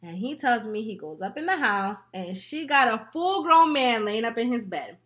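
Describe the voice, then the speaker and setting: A woman vlogger chatting casually while doing her makeup, telling a story in an animated, profane way with frequent laughter. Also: a little high, moderate pace. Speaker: beauty vlogger.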